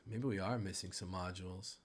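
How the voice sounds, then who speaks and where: A man running a tabletop game as game master, narrating the scene and chatting at an unhurried pace. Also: deep voice, fairly even intonation. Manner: unhurried, mutters while fixing software.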